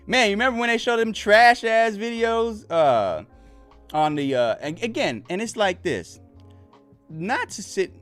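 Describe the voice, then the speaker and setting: Animated man ranting on a live stream. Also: on the high side. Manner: animated, laughing, swearing, loud whoops. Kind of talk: casual live reaction stream chat.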